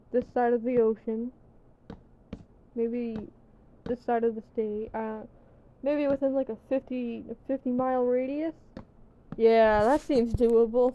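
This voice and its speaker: A young woman rambling casually in a vlog, tired and yawning, swearing now and then. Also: fairly high pitch. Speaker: vlogger. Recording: dull lo-fi sound with faint background noise.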